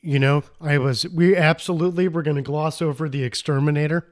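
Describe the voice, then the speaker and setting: A man's voice: on the high side, steady tone, a little fast. A man co-hosting a casual movie podcast, enthusiastic and rambling, often restarting his sentences. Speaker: podcast co-host. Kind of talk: casual movie review chat.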